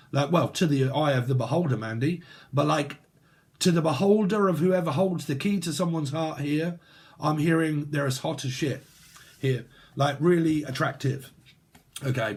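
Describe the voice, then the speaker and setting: A man's voice: a little high, breathy edge. A man from Britain giving a rambling, free-associating tarot reading, joking crudely and laughing as he goes. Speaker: tarot reader. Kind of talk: casual spoken tarot reading.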